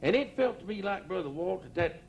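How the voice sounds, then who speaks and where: The older country preacher's voice sits high and sounds animated and brisk as he tells rambling comic tales to a live audience at an outdoor church campground, laughing at his own jokes. The sound is lo-fi with a little hiss or hum.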